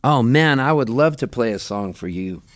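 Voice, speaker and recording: A man from Southern California, a touring musician, telling animated stories on a radio show and acting out his friends' voices. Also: mid-range voice, normal speed, no room sound. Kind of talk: casual storytelling chat. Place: radio studio.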